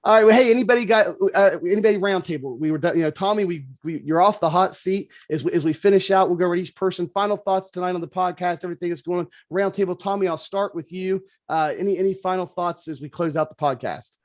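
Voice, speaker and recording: A podcast host with a mild northern West Virginia accent talks in a quick, rambling way, often restarting his sentences. His voice sits a bit high and he speaks very fast. The sound is close and dry. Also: dry recording. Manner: quick, rambling, self-interrupting. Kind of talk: casual podcast chat.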